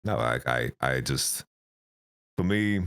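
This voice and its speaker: Low-voiced guy, lively, swearing and laughing through old stories, bit raspy. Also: slow. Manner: rambling, profane, laughing storyteller. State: voice getting raspy. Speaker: esports coach, interview guest. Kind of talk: casual storytelling interview.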